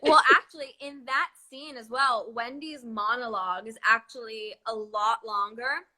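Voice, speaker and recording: A young woman, an actress, chatting casually in an interview, full of fillers and quick laughs. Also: fairly high pitch, sharp tone. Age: young adult. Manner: chatty, lots of "like" and "um", laughs often. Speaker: actress guest.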